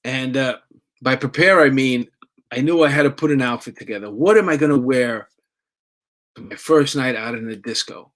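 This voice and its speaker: A man's voice: mid-range voice, normal speed, fairly bright tone. Middle-aged New man telling a story. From New York. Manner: conversational with laughs and restarts. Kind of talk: personal storytelling.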